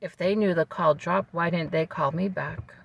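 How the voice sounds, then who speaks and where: Calm vlogger with a creaky voice. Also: medium pitch. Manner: calm, measured retelling with fillers and restarts. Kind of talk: casual storytelling to camera.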